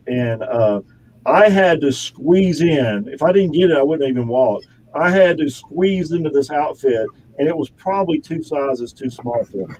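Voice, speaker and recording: A man talks as a guest in a casual interview, rambling from one anecdote to the next and laughing as he goes. His voice is dark and mellow, recorded in his home studio with a faint hum of room noise behind him. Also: a little high, low-quality recording. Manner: rambling, chatty storytelling with frequent laughs. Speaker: actor and model, guest.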